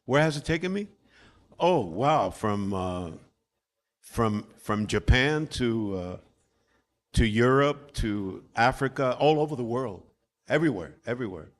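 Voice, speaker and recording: A man's voice: mid-range voice, lively intonation, a little slow. An older male musician whose first language is Spanish, talking loosely and repeating himself as a guest on a live panel. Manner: loose, repetitive, laughs often, trails off. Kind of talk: live panel discussion, storytelling.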